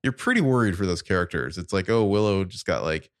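A man's voice: low-pitched, animated, quick pace, no room sound, clean studio sound. A man co-hosting a casual podcast chat, laid-back and rambling with fillers. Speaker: podcast co-host.

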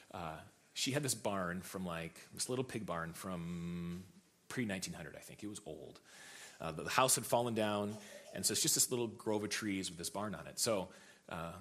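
A young man with a fairly low voice delivers a sermon in a relaxed, conversational way. He restarts his sentences and repeats words as he tells a personal story to the congregation. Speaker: pastor.

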